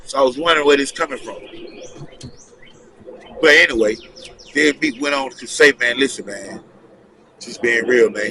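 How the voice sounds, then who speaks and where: A man telling a long personal story in a casual interview, animated and loose, with many asides and acted-out quotes. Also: mid-range voice, normal speed, pauses often, noisy background. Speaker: guest storyteller.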